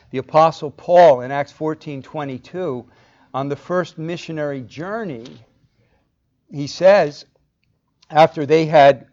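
A man's voice: a little high, a little mellow. A male pastor preaching an expository sermon in a somewhat raised voice. He walks through his reasoning step by step and poses rhetorical questions to his listeners. The recording sounds dull and lo-fi.

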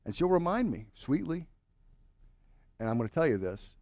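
A married man preaching a sermon to his congregation, swinging from loud urging to hushed, earnest questions. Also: fairly high pitch, sing-song, moderate pace, no room sound, studio quality. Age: adult, married with children. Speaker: pastor.

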